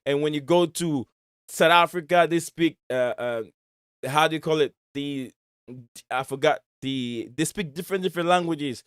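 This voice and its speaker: Male stream host, loose rambling talk; smooth, dry close sound. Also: a little high, moderate pace, dry recording. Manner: rambling, searching for words. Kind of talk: casual chat on a live stream. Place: home in Michigan.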